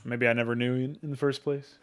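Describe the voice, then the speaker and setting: A game modder livestreams, chatting casually with viewers in a clear, resonant, mid-range voice that's level and fast. He's laid-back, laughs often, and swears offhandedly.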